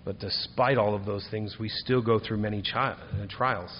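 A man preaching in a large hall, his voice carrying a long reverb. The sound is dull and slightly muffled, with a faint low rumble underneath. He moves between measured teaching and emphatic, lifted declarations. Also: fairly even intonation. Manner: rises to emphatic, higher-pitched preaching on key points. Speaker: pastor. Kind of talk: sermon.

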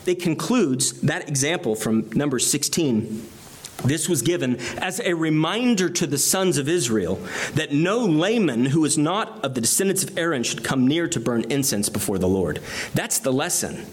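A man's voice: fairly high pitch, breathy edge. A man preaching an expository sermon, reading and explaining scripture passages earnestly.

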